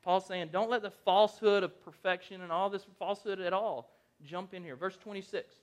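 Animated high-voiced male pastor. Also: brisk. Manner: conversational and animated, asks the congregation questions. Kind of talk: sermon.

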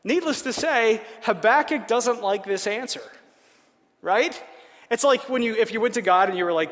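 A man's voice: sits high, animated, normal speed, a bit bright, in a large hall. A man preaching a sermon in a conversational way, often checking in with listeners by asking "right?". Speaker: pastor.

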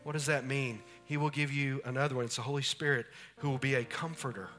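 A man delivers a sermon in a church, his voice bright and forceful. He swings from booming proclamations to near-whispers. Gentle instrumental music plays faintly behind him. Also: steady tone, fast talker. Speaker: pastor. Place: church sanctuary.

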